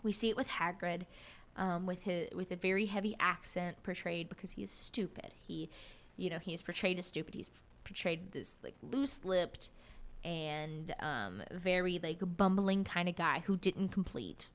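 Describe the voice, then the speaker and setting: A woman's voice: fairly low pitch, normal speed. A young woman co-hosting a podcast, talking casually about a book with lots of fillers and restarts. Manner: animated, many fillers and restarts. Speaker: podcast co-host.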